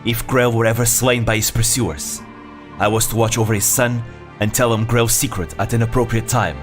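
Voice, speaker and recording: A man voicing a secretive male assassin in a slow, hissing, snake-like voice. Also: mid-range voice, little pitch movement, music in the background, natural voice.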